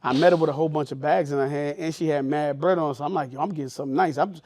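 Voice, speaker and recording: A man's voice: fairly high pitch, fairly even intonation, racing, a little mellow, no room sound, clean studio sound. A man co-hosting a podcast, telling loose stories in casual chat and acting out the voices of the people in them. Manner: loose storytelling, acts out quoted voices. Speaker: podcast co-host.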